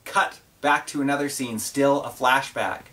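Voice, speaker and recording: A man's voice: mid-range voice, steady tone, a little slow, sharp tone, recorded from a distance. A man preaching in vivid, cinematic storytelling. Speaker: pastor. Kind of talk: sermon retelling scripture as a film scene.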